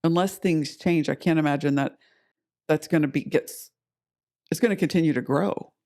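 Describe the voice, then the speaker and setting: A man's voice: fairly high pitch, moderate pace, a little mellow. A man co-hosting a podcast in casual conversation, asking puzzled questions. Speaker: podcast co-host.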